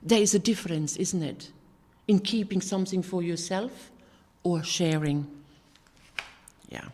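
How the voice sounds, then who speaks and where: An older woman with a lowish voice gives a slow, earnest testimony sermon, pausing often and restarting her sentences. The long reverb of a church hall trails after her words. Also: darkish tone, a little hiss or hum. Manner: earnest, halting, with many restarts and fillers. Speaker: sermon giver.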